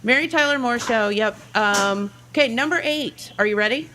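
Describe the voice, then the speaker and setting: Woman, upbeat, reads quiz clues slowly, bright voice, faint line hiss. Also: fairly high pitch, poor audio. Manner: upbeat, laughs often, reads clues with pauses. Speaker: guest caller. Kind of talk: casual chat, quiz reading.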